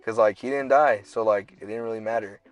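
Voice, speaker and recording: A man's voice: fairly low pitch, fairly quick, no echo, faint music behind. A young man co-hosting a podcast, telling a long story in casual slang and acting out characters in bursts. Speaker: podcast co-host. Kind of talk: casual chat.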